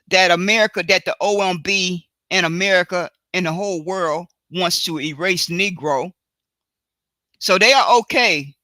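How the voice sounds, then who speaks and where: A woman hosting a solo live stream, talking in a deliberate, emphatic way and often stopping to correct and repeat herself. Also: lowish voice, sharp tone, dry recording. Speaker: livestream host. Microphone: computer mic for a live stream.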